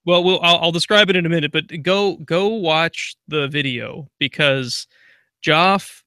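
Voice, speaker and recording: A man's voice: on the high side, unhurried, sharp tone, clean tone, no room sound, clean studio sound. A man co-hosting a casual tech podcast, telling rambling stories and laughing often. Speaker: podcast co-host. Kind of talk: casual chat.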